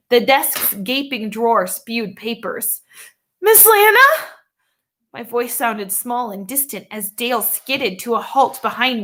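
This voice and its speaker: Bright-voiced woman reading a storybook. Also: fairly high pitch. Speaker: audiobook narrator. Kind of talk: first-person storybook narration.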